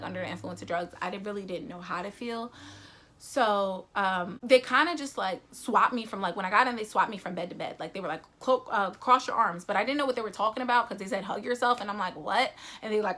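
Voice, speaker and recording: Young woman vlogger, bright voice, animated storytelling, acts out everyone's lines. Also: mid-range voice, a little hiss or hum. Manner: animated, acts out quotes, many fillers. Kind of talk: personal storytelling.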